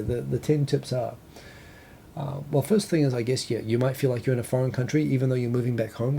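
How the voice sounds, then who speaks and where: A middle-aged man from New Zealand with a softened New Zealand accent, hosting a live talk show and rambling casually through a list with many restarts and asides. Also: medium pitch, gravelly, slight background noise. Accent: New Zealand, softened by years abroad.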